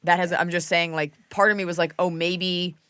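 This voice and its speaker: Animated woman host telling stories. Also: lowish voice, fast, clear, resonant tone, no echo. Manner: animated storyteller, acts out quotes, swears. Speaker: podcast host. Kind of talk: casual podcast chat.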